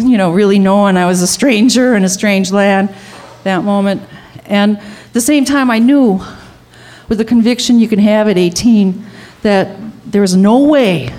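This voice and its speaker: A woman telling a personal story at a live storytelling event, acting out the people in it and rising higher and louder in tense moments.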